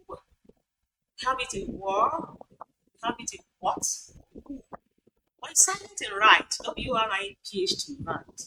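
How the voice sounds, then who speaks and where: A woman's voice: a little high, fairly bright tone. A woman lecturer with a Nigerian accent teaching phonetics, repeating example words aloud and asking her students rhetorical questions. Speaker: university lecturer. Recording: noisy lecture recording.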